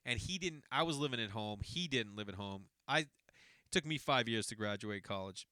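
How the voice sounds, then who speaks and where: Bright, clear-voiced man telling a rambling story. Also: medium pitch, animated, normal speed, no room sound, studio quality. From Boston area. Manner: rambling, self-correcting, conversational. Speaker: podcast host. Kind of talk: casual storytelling monologue.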